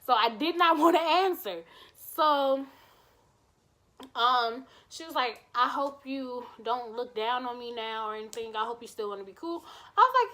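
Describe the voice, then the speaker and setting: With a high voice, a woman vlogger animatedly recounts something that happened to her. She's casual about it, performing each line of dialogue and cursing without restraint.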